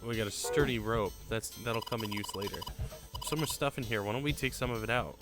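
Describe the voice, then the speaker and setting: A man's voice: mid-range voice, a little fast. A man streaming a puzzle game, reading its dialogue aloud and muttering frustrated, casual remarks. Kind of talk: casual let's-play commentary. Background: game music.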